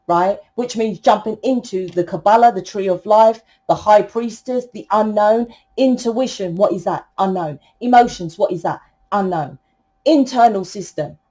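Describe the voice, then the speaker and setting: Brief: outspoken woman tarot reader, mellow dark tone, swears freely, lectures with force. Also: mid-range voice. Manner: blunt, swearing, preachy, emphatic. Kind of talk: collective tarot reading.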